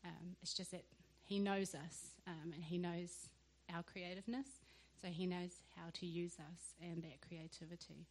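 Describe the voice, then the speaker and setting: A young woman, sharing a lively church testimony and acting out the conversations in it. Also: on the low side, moderate pace, hardly any pauses. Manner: animated storyteller who acts out dialogue with laughter.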